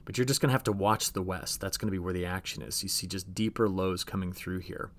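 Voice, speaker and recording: Speaking quickly in a low voice, a man delivers a chatty farm weather briefing over forecast maps. He addresses viewers directly and frequently restarts his phrases.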